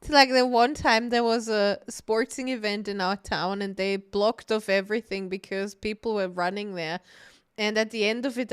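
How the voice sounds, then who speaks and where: Her voice on the high side and smooth, a woman banters casually as a podcast co-host, frequently laughing and dropping casual swear words. The streaming mic captures clean studio audio with no room sound.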